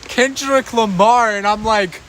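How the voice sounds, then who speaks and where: A man's voice: sits high, unhurried, a bit bright, slight background noise, poor audio. A young man hosting a casual chat stream, telling a story with frequent laughter and lots of dude and bro. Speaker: livestream host.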